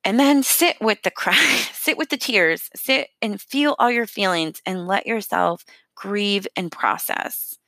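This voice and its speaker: A woman's voice: medium pitch, slow, hardly any pauses, bright, forceful tone, dry recording. A woman in her thirties, a mother, talking candidly through a personal healing practice, earnest and self-deprecating with small restarts. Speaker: self-help speaker. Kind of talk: personal advice talk.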